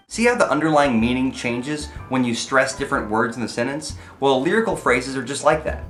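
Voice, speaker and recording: A man's voice: medium pitch, expressive, brisk, hardly any pauses, a bit bright, soft background music. A young man giving a playful, comedic lesson on writing song lyrics, sometimes singing his examples. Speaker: songwriting teacher.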